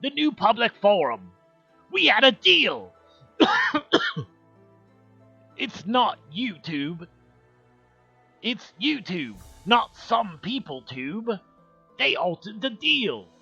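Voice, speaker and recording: A man voicing a shrill, indignant male character from his chat, drawing out his complaints slowly and loudly. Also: big pitch swings, vocal fry, husky, full character voice. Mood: aggrieved. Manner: slow, loud, theatrical complaining. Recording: dull lo-fi stream audio with faint music.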